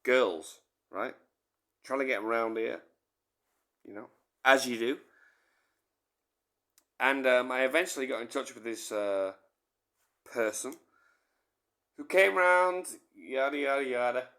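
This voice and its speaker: A man's voice: medium pitch, slow, pauses often, a bit bright. A man telling a rambling comic anecdote, swearing casually and often repeating and correcting himself. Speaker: storyteller.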